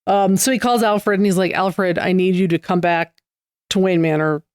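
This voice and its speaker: Relaxed, chatty co-host recapping a comic. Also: medium pitch, normal speed, smooth, no echo, studio quality. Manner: relaxed recapping, many fillers like "like". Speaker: podcast co-host. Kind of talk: casual comic book chat.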